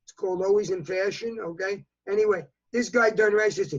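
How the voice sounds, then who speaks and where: A man's voice: sits high, fairly quick. A man in his eighties with a New York accent, speaking emphatically as a news interview guest over a video call. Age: 80s. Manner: emphatic, repetitive, talks in bursts. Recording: dull lo-fi video call audio.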